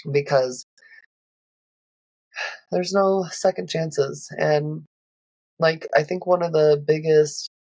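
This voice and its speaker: A woman's voice: low voice, dry recording, low-quality recording. Woman, podcast host, raw and emotional monologue, swears a lot, dry close sound. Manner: emotional, blunt, swears freely; rambling with many fillers. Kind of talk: candid solo podcast monologue.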